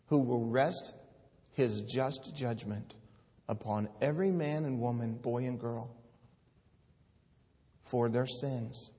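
A man's voice: medium pitch, vocal fry, dark tone, in a large hall. A man preaching a sermon, earnest and pleading, reading scripture aloud with rising force.

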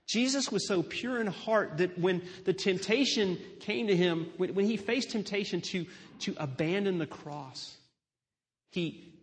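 Slow-preaching man in a reverberant hall. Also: sits high. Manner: slow, emphatic preaching with repeated refrains. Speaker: pastor. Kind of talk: sermon.

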